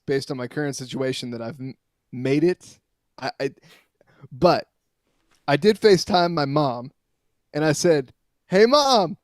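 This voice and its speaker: A man reporting as a guest on a sports talk show, telling a long story in a rambling, animated way with many restarts. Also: a little high, dry recording, studio quality.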